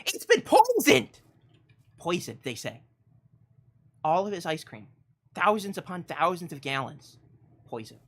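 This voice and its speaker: A woman on a game livestream spins a mock-epic tale, lurching from loud, grand declarations to low, hushed asides and laughing along the way. Her voice sits fairly low but sounds bright and sharp. Her pitch leaps all over the place. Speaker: streamer.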